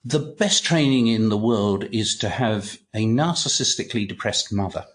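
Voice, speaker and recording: An older man with a low voice, chatting as a guest on an interview. He tells stories in an animated way, stumbling over repeated words and dropping the odd swear word. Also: normal speed. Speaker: guest, retired clinical psychologist. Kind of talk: casual interview storytelling.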